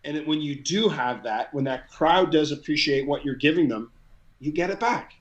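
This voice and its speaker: A middle-aged man with a fairly high voice tells a story in casual chat. He talks with energy and often stumbles over repeated words as he picks up speed. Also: expressive, normal speed, highs cut off. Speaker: guest, crowd hype man.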